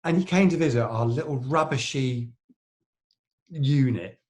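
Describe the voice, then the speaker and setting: A man's voice: mid-range voice, unhurried, a little mellow. A middle-aged man, a plastic surgeon co-hosting a podcast, telling long anecdotes in casual chat with lots of fillers and restarts.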